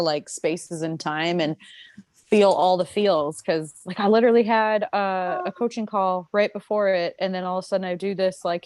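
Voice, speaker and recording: A young adult woman from Minnesota, co-hosting a casual podcast chat, telling stories in an animated, laughing way with lots of "like.". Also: fairly low pitch, no room sound. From Minnesota, USA. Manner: animated, laughing storyteller, many "like" fillers. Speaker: podcast co-host.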